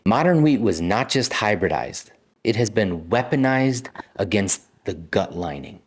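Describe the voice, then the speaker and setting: A man hosting a casual health vlog, talking straight to viewers in an emphatic, conversational way with mild cursing. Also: deep voice. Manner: emphatic, conversational, mildly profane, talks directly to viewers. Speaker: health video host. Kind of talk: casual vlog monologue to camera.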